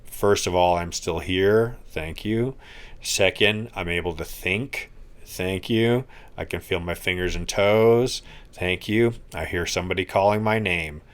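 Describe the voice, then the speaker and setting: A man on a podcast talking slowly and earnestly about gratitude while recovering from an accident at home. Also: sits low. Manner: slow, earnest and heartfelt. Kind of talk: reflective casual podcast talk. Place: friends' house, indoors.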